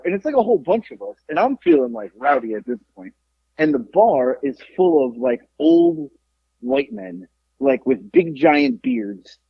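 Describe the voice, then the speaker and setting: Gravelly, animated man telling stories. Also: fairly high pitch, no room sound. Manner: profane, animated, acts out the people in his stories. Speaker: podcast host. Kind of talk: casual storytelling chat. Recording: dull lo-fi podcast audio.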